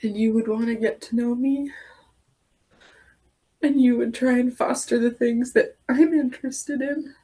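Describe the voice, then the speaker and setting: A woman client in a coaching session, speaking in a halting, emotional way and slipping into whispers. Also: fairly high pitch, steady tone, mellow, husky. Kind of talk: therapeutic affirmation exercise.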